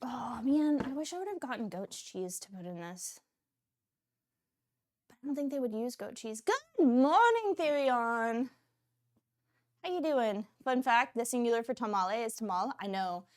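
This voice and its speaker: Chatty woman cooking on a livestream. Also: moderate pace. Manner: animated, chatty, frequent pitch jumps and excited outbursts. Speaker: cooking stream host. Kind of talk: casual cooking livestream chat.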